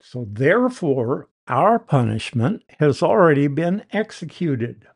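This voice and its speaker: Slow, emphatic man teaching scripture. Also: a little high, sing-song, vocal fry. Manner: explanatory, emphatic on key words. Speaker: Bible teacher. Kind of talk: verse-by-verse Bible teaching.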